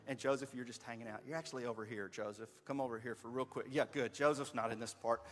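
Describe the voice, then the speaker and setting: A man's voice: medium pitch, fast talker, few pauses, a bit bright. A man narrating a story aloud and directing children in a skit, playful and encouraging, laughing often, speaking into a handheld microphone. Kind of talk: live narration with stage directions. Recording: long hall reverb, faint music.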